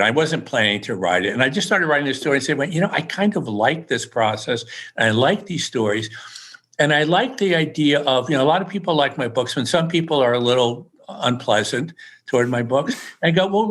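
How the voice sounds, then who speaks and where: A man's voice: a little high, a bit bright. An older man, an author being interviewed, telling funny stories in a rambling, chuckling way with many restarts. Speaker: author guest. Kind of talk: casual anecdotal storytelling.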